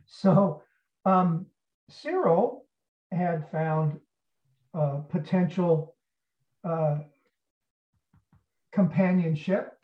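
A male actor and interview guest telling an anecdote in a lively way, acting out the people in it. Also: high voice, drawn-out words, long pauses. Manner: animated, acts out quotes. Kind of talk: storytelling in an interview. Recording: roomy, distant, dull sound.

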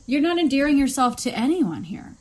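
Woman host, easy podcast banter, lively quoting voices, cursing. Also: high voice, a little fast. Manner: animated, swears freely, acts out quotes. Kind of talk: casual chat.

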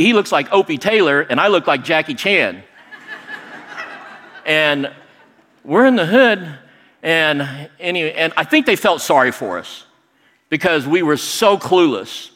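A middle-aged man telling a personal story in a lively, animated way, acting out other people's lines. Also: fairly high pitch, a little slow. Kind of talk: personal story told to an audience. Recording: long hall reverb.

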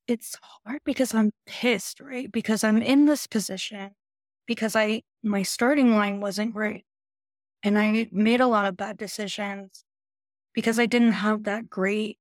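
A woman's voice: mid-range voice, dry recording. Confessional woman, dry close voice. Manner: open, confessional. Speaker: podcast participant. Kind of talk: candid recovery chat.

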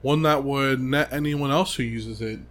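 A man co-hosting a casual book podcast, calmly summarizing the plot and agreeing with short replies. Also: mid-range voice, normal speed. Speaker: podcast co-host. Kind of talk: casual book recap chat.

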